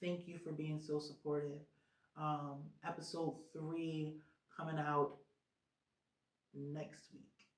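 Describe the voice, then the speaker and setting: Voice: medium pitch, flat delivery, slow, pauses often. A podcast host chatting casually on their own, rambling with lots of "um" and "like" fillers. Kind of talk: casual solo podcast chat. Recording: roomy echo.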